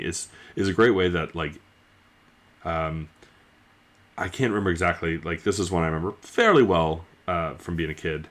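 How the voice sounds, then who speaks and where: A man's voice: sits low, fairly quick, fairly bright tone. A man giving a casual spoken book review, talking in a loose, rambling way with lots of fillers.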